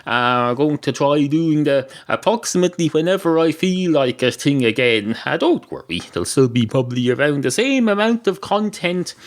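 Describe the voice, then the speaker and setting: A man hosting a podcast in a rambling, absurd comic monologue, full of filler and casual swearing. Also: mid-range voice. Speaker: podcast host.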